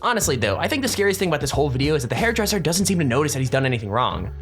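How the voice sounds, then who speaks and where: A man's voice: fairly high pitch, big pitch swings, faint music behind. A man narrating a countdown video in a chatty, wry scripted voice-over. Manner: chatty, wry, fast-paced.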